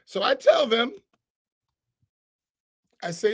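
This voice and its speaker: Blunt, high-voiced imam. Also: male voice, animated, a little slow, long pauses, fairly bright tone. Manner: blunt, emphatic, colloquial. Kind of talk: mosque class talk. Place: mosque.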